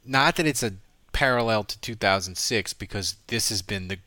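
A man hosting a sports podcast, giving quick, opinionated analysis in a casual chat. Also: lowish voice, pushed and bright, no room sound. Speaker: podcast host.

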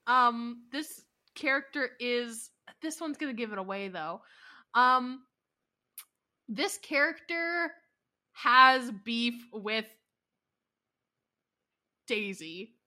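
A woman's voice: on the high side, expressive, bright, forceful tone. A woman co-hosting a podcast, casually teasing out hints in a guessing game. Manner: teasing, giving hints slowly. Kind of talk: casual chat.

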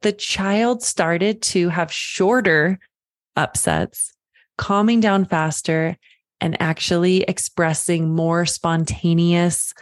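A woman's voice: fairly low pitch, no room sound, clean studio sound. A woman parenting coach giving direct advice to the listener, reassuring and calling them friend. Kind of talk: direct-to-camera advice talk.

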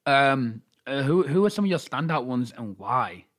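A man hosting a casual podcast chat, animated and swearing freely, laughing often. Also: medium pitch, moderate pace.

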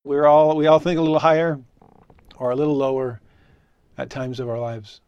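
A middle-aged man preaching a sermon in an earnest, conversational way, telling stories and letting his voice drop softly at the ends of phrases. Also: on the high side, steady tone, normal speed, clean tone, dry recording, lo-fi sound. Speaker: preacher and religious teacher. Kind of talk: sermon with storytelling.

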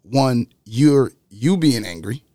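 A man in a casual group discussion who stumbles through restarts and then explains calmly. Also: mid-range voice, slow pace, no room sound, clean studio sound.

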